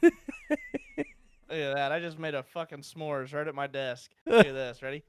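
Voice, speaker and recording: A man co-hosting a casual podcast, joking in an excitable, crude way. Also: a little high, normal speed, clean tone. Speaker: podcast co-host.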